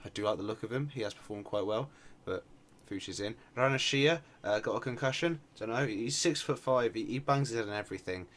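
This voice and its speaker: A young man, a gaming video host, giving sarcastic and excitable play-by-play over his game, swinging from shouts to mutters. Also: on the low side, brisk. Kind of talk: gameplay commentary.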